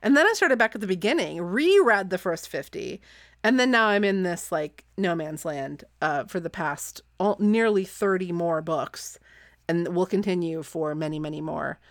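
A woman's voice: lowish voice, lively intonation, moderate pace, no room sound, clean studio sound. Chatty, giggly woman podcast host. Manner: chatty, giggly, lots of fillers. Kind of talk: casual podcast chat.

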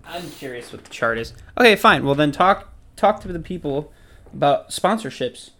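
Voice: medium pitch, animated, moderate pace, fairly bright tone. A podcast co-host in casual chat, stubbornly defending a point, laughing and swearing casually.

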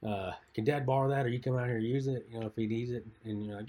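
A man co-hosting a podcast, telling stories in a laid-back, rambling way and trailing off quietly at the ends of phrases. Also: medium pitch, rapid-fire, few pauses, breathy edge. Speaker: podcast co-host. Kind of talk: casual chat.

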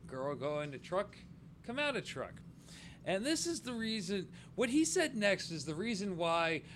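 A man's voice: high-pitched, sing-song, moderate pace, fairly bright tone, a little hiss or hum. Easygoing man retelling a story. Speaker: podcast co-host. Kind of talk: casual storytelling chat.

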